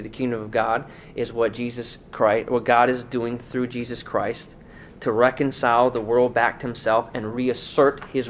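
A man's voice: medium pitch, a little hiss or hum. A male pastor preaching a sermon in a conversational way, asking the congregation rhetorical questions.

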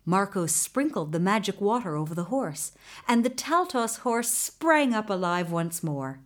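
A woman narrating a fairy tale in an expressive storybook reading style. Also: mid-range voice. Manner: expressive, unhurried.

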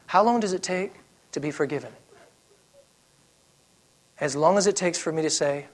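A pastor preaching a sermon, moving from loud emphatic lines to soft, hushed ones, with casual asides and restarts. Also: male voice, a little high, normal speed, pauses often. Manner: conversational asides with fillers and restarts.

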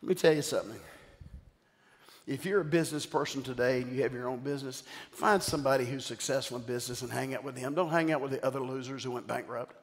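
An older man, a bishop, preaching a sermon with animated storytelling and call-outs to the congregation. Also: medium pitch, quick pace. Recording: long hall reverb.

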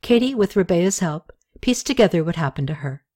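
A woman narrating an audiobook in a steady, measured storytelling voice. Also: lowish voice. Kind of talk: scripted narration.

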